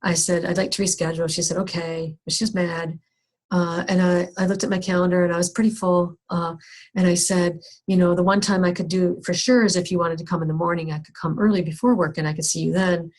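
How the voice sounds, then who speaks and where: In a lowish, slightly mellow voice with a flat, brisk delivery, a middle-aged woman counselor teaching a skills workshop recounts a candid personal story at her own expense, riddled with fillers and false starts.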